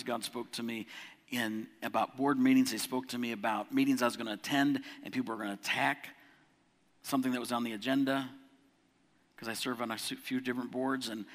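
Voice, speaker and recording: A man preaches a sermon with a bright, forceful voice. He swells with force when reading scripture and turns quiet and close when telling personal stories. The sound rings with the long reverb of a church hall. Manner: preaching with rising volume on scripture, dropping low for personal stories. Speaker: pastor.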